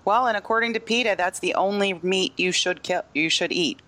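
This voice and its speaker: Woman tossing in quick wry asides. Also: mid-range voice, bright, forceful tone. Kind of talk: casual comedic chat.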